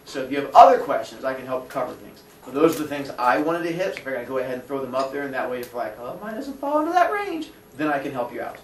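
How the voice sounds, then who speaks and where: A man's voice: mid-range voice, racing, few pauses. A man teaching a class, joking and teasing his students as he goes through the lesson. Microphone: distant recorder in the room. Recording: distant, echoey classroom with noise.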